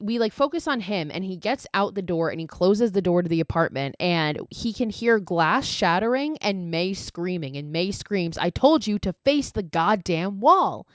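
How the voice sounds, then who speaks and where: A woman's voice: medium pitch, no echo, studio quality. A young woman hosting a podcast, casually retelling a horror film's plot in a chatty style full of fillers and quoted lines. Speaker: podcast host. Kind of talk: casual film recap.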